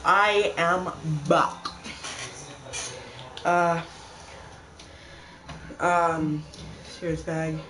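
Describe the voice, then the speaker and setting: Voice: medium pitch, fairly even intonation, very slow, long pauses, background noise. A gamer doing casual let's-play commentary, chatting to viewers and reading game text aloud. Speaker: gamer playing a survival game.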